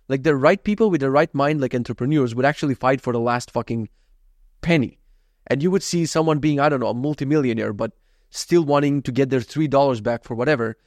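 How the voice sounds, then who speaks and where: A man's voice: mid-range voice, darkish tone, no room sound, studio quality. A young man talking candidly in a rambling, confessional monologue, swearing freely and restarting his sentences often. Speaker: software entrepreneur.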